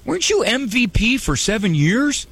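A man's voice: very high voice, big pitch swings, moderate pace, a bit bright, pitched above the performer's own voice, full character voice. A man voicing God as a jovial, mock-impressed figure with a Southern US accent. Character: folksy Southern-drawling God welcoming a star.

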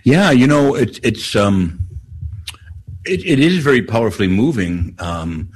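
An older man, a priest, telling stories on a call-in talk show in an unhurried way, with frequent restarts. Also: mid-range voice, lively intonation, slightly rough.

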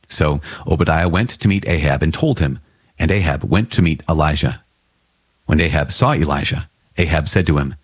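Deep husky male scripture reader. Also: dry recording. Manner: steady, measured reading. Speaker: narrator.

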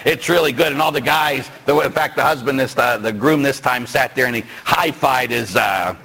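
A male Catholic priest giving a sermon in a conversational, joking way, with rhetorical questions and sudden shouted bursts. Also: mid-range voice, normal speed, gravelly. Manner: bursts into shouting when acting out stories.

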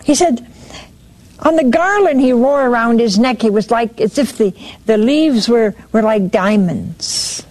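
A woman's voice: fairly high pitch, lively intonation, unhurried, darkish tone. A woman giving a sermon, retelling a story and quoting its speakers, with frequent restarts.

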